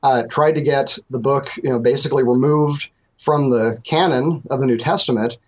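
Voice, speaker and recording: A man's voice: medium pitch, moderate pace, muffled recording. A man speaking as a guest theologian on a call-in show, thoughtful and hesitant, with many restarts.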